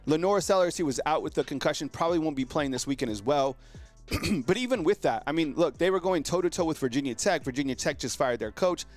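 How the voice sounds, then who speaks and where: A man hosting a casual live sports show, talking excitedly in slang to his viewers, heavy on fillers and exclamations. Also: on the high side, fast talker, faint music behind. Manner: animated, exclaims and addresses viewers as fam. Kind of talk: casual live-stream commentary.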